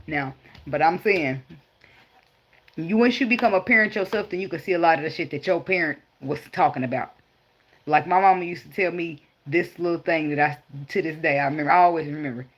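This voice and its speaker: A woman's voice: deep voice, a little fast. Blunt, profane woman giving tarot advice. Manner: blunt, profane, laughing, animated storytelling. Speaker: tarot reader. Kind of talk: casual spiritual advice vlog.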